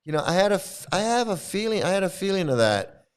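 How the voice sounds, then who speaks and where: His voice is high, sing-song and smooth, at a quick pace, as this middle-aged former devotee hosts a commentary video. He tells a rambling story casually, chuckling, restarting often and impersonating those he quotes.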